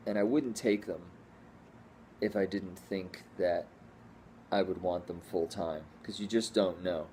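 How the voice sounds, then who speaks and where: A man with a low, warm voice talks casually at home for his vlog. He rambles easily from one thought to the next and often restarts his sentences. A faint hiss sits under the recording. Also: measured pace. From Northeastern United States. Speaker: squirrel rehabber vlogger.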